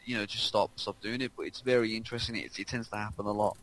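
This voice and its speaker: A man's voice: lowish voice, fairly even intonation, fast talker, a bit bright, low-quality recording. A man co-hosting a podcast, chatting casually with short, joking replies. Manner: laid-back, brief interjections, joking. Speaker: podcast co-host. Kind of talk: casual chat.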